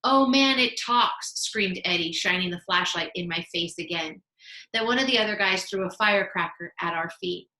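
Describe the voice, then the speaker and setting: Expressive woman reading a story aloud. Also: lowish voice, moderate pace. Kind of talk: reading a children's novel aloud. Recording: roomy echo.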